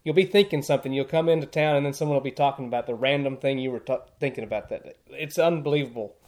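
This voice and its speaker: A man's voice: medium pitch, fast talker, a little mellow. A man, a guest on a podcast, telling trail stories in an earnest, plainspoken way, often restarting his words as he thinks. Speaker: podcast guest, thru-hiker. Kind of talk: casual storytelling.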